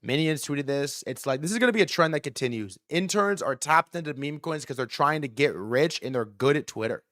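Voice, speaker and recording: A man hosting a live market stream, ranting fast and heatedly with frequent swearing. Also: fairly high pitch, no echo, studio quality. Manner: fast, excitable delivery. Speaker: livestream host.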